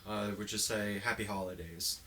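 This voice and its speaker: A man's voice: on the low side, fairly even intonation, moderate pace, pushed and bright, a little hiss or hum. A man joining a podcast chat with offhand remarks from away from the microphone. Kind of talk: casual chat.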